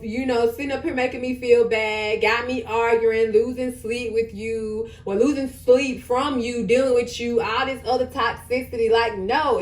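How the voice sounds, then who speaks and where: A woman in her thirties giving casual advice while getting ready on a vlog. She talks emphatically and repeats her points for stress. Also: fairly high pitch. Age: 30s. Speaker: vlogger. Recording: echoey room.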